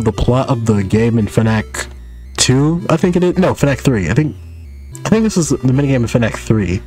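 A man's voice: mid-range voice, sing-song, normal speed, mellow, soft background music. A young man giving casual, joking commentary as he plays a game and chats to his viewers. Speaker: gaming YouTuber.

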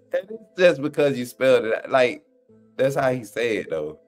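A man's voice: medium pitch, big pitch swings, moderate pace, soft background music. A man hosting a sports fan live stream in loose, slangy casual chat, often cracking up with laughter.

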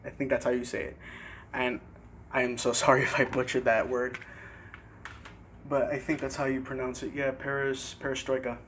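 Young guy vlogging his cd collection, laid-back and halting, faint hum in the background. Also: medium pitch. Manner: relaxed, hesitant with fillers and careful pronunciation. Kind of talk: casual CD collection show-and-tell.

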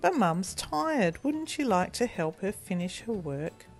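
A patient mother who stays calm and gentle but firm with her daughter, read by a woman telling a storybook. She speaks slowly and kindly, with no anger in her voice. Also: medium pitch, faint music behind.

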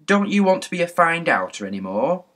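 A man reading a storybook, voicing a lively teenage boy teasing his little sister. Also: fairly high pitch, a little fast, pitched above the performer's own voice.

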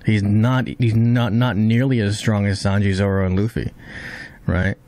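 A man giving casual, excitable commentary while reacting to an anime episode, swearing freely, his voice jumping high when he is shocked. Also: normal speed, dry recording.

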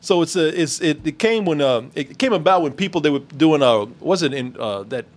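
A man's voice: on the high side, lively intonation, a little fast. A man hosting a casual pop-culture chat show, laid-back and joking, swearing freely. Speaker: show host.

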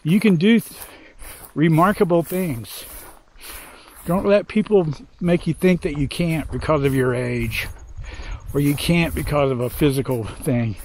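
A man's voice: on the high side, unhurried, a little mellow, slight background noise. An older man vlogging outdoors on a hiking trail, talking in a heartfelt, rambling way and trying to hold back tears. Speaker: hiker vlogger. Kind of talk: reflective trail vlog.

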